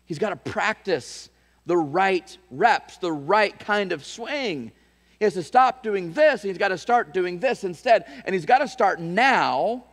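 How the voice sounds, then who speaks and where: A man's voice: sits high, expressive, unhurried. Preacher man with a long hall echo. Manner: storytelling, repeats words and restarts, rises to emphatic calls. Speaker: pastor. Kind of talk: sermon. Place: church.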